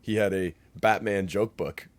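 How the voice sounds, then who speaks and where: A man co-hosting a casual podcast chat, profane and quick to laugh, often acting out the voices of people he describes. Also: fairly low pitch, fairly even intonation, dry recording. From Canada. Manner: profane, laughs a lot, acts out quoted voices. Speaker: podcast co-host.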